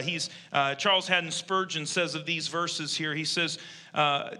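Preacher guy w a really bright ringing voice, bit high, goes big then drops way soft. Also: normal speed. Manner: swings between loud emphatic peaks and hushed intensity. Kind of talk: sermon.

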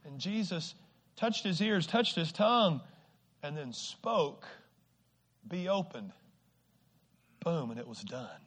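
A man preaching a sermon to a congregation, shifting from quiet, slow stretches to loud exhortation and stumbling over repeated words. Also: fairly high pitch, animated, breathy edge. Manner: swings from hushed to shouting exhortation, repeats words; acts out quoted people with sudden shifts.

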